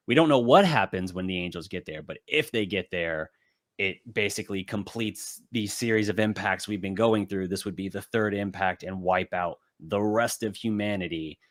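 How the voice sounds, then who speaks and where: A man co-hosting a podcast, chatting casually through an episode recap and acting out character lines in quick bits. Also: lowish voice, a bit bright. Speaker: podcast co-host. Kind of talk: casual anime recap chat.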